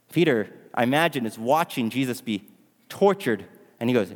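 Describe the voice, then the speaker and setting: A man's voice: mid-range voice, lively intonation, normal speed. A male pastor telling a story in a sermon, asking his audience questions along the way. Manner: dramatic, asks the audience questions. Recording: long hall reverb.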